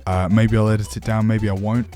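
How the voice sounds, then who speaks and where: A man's voice: fairly low pitch, flat delivery, a little fast, dark tone, soft background music. A man teaching voice acting for tabletop games, chatty and self-deprecating. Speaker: dungeon master teaching voice acting. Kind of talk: casual tutorial.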